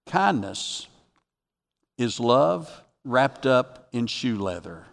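A man preaching a sermon as pastor, folksy, moving from quiet asides to emphatic bursts. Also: medium pitch, very animated, very slow, creaky. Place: church sanctuary. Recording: long reverb of a church hall.

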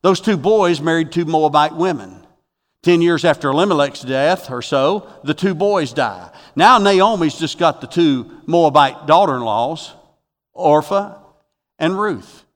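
A middle-aged man preaching a sermon from the pulpit in a church, telling folksy jokes and stories, with his voice getting louder at the punchlines. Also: fairly high pitch, lively intonation, measured pace. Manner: folksy storytelling with jokes, rising loud for punchlines. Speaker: pastor. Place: church sanctuary. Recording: long reverb of a church hall.

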